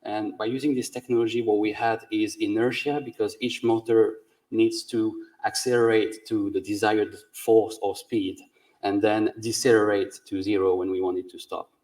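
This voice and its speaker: Male presenter, methodical and hesitant, slightly low voice, distant mic. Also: flat delivery, normal speed, a little mellow. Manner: methodical, explaining step by step with many "uh"s. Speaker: conference speaker, sound designer. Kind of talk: conference talk.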